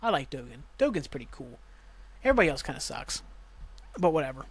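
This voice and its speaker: A man's voice: mid-range voice, very animated, gravelly, breathy edge. Rambling man recapping a show. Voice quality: rambling, swears, acts out lines with quick voice jumps. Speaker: podcast host. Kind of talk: casual episode recap.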